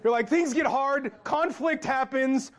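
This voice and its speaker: High-voiced, joking preacher mid-sermon. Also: male voice, unhurried. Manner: conversational, joking, asks the crowd questions. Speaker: pastor. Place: church.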